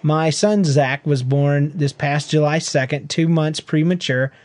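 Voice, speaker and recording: Joking higher-voiced man co-hosting. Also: a little slow, darkish tone, no room sound. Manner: joking, teasing, reads listener emails aloud. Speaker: podcast co-host. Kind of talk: casual chat.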